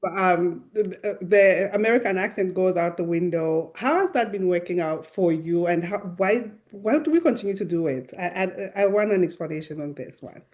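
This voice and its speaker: Relaxed woman interviewer, full of agreement. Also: fairly low pitch, normal speed, few pauses. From Nigeria. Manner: relaxed and affirming, gives lots of short agreements. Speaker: host. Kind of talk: casual conversation.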